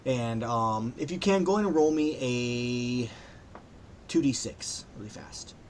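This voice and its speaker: A man's voice: mid-range voice, lively intonation, slow, darkish tone, slight background noise. A man running a tabletop game as game master, narrating casually and thinking aloud.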